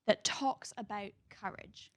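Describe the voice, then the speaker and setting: A woman leading a children's church lesson, playful and animated, guiding children through call-and-response memorization. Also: medium pitch, unhurried, dry recording, clean studio sound. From Scotland.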